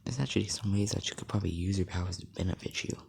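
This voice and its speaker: A man voicing a nervous, gloomy teenage hero boy, talking in a hushed, hesitant half-whisper. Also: deep voice, very fast, gravelly, slight background noise. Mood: eager.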